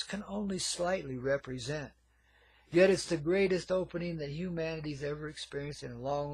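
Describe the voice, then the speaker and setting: An older man hosting a radio show, rambling in a folksy hippie drawl and calling listeners man and babies, swinging between murmured asides and loud outbursts. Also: a little high, breathy edge, no echo. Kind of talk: rambling monologue.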